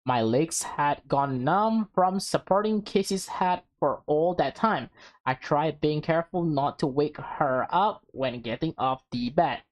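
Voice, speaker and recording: A woman's voice: sits low, measured pace. A young woman streaming a visual novel, reading it aloud and reacting emotionally with laughs. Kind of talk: casual let's-play reading and reactions.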